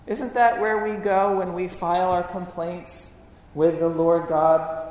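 A man's voice: high-pitched, steady tone, slow pace, a little mellow. A man preaching a sermon, reading scripture and asking earnest rhetorical questions. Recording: echoey hall reverb, faint room noise.

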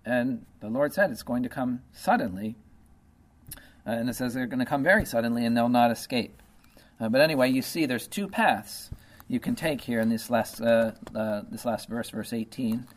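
A man's voice: medium pitch, moderate pace. A man preaching a sermon in a conversational way, reading scripture and explaining it with lots of "okay" and "you know".

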